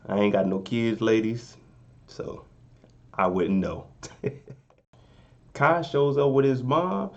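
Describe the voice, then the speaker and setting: A young man talks through a show recap in an easy, joking tone. His voice sits at a middle pitch for a man. The recording sounds a little dull and lo-fi. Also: animated, takes it slowly, gravelly, pauses often. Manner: laid-back, joking, keeps saying "you know what I'm saying". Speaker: recap vlogger. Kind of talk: casual recap commentary.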